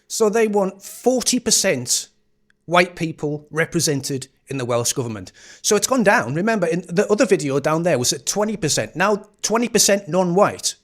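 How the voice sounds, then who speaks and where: A man's voice: sits high, expressive, moderate pace. A man hosting a live stream, reacting to clips in casual, sarcastic commentary with frequent swearing.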